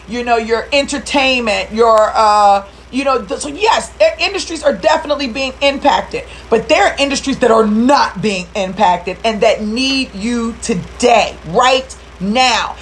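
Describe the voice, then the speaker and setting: A woman's voice: high-pitched, a little hiss or hum. A middle-aged woman coaching recruitment business owners in a live video, rallying and preachy, getting emotional and near tears. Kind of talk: motivational live video talk.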